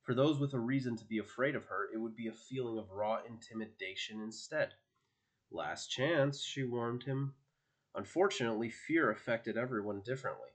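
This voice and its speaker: A man narrating an audiobook in a steady, expressive storytelling manner. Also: on the low side, fast, few pauses.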